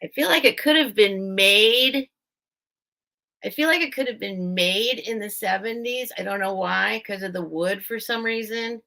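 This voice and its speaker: Her mid-range voice is creaky, bright, and forceful as she runs a casual vintage sale live from her home. She talks straight to viewers, thinking out loud in relaxed selling chat.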